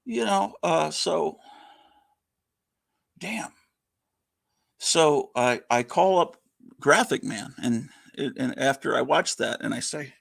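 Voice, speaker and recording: A man's voice: on the high side, sing-song, unhurried, gravelly, a bit bright, breathy edge, no echo. A man in his fifties hosting a livestream, telling rambling anecdotes in casual chat and laughing often. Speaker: livestream host.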